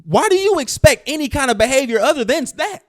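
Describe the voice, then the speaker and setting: Male podcast host, slangy storyteller with animated pitch. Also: fast talker. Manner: storytelling, laughs often, slangy. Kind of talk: casual gossip chat.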